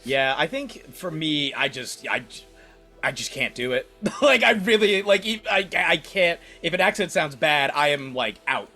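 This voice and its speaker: A man in casual podcast chat, speaking earnestly and haltingly, often restarting his sentences. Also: a little high, lively intonation, bright, forceful tone, faint music behind.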